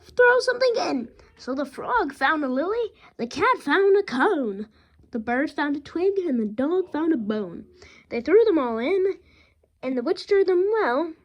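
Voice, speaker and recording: A woman reading a rhyming picture book aloud with a steady rhythm. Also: sits high, a little slow. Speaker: reader.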